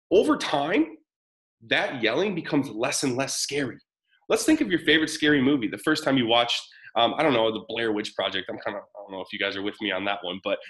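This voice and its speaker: A man's voice: fairly high pitch, a bit bright, poor audio. A man in his thirties presenting a live parenting webinar, talking casually and energetically while answering chat comments.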